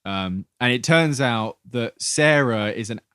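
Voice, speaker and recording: Guy rambling about a movie on a podcast, normal pitch, dry close mic. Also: animated, unhurried, a bit bright, smooth, no room sound. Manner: chatty, hesitant, trails off. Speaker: podcast co-host. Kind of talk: casual film discussion.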